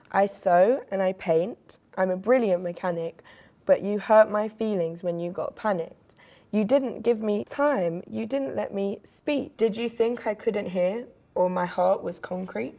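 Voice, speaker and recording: A woman doing a soft, gentle young werewolf girl. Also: medium pitch, a little slow, close to an everyday voice. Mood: hurt, pleading.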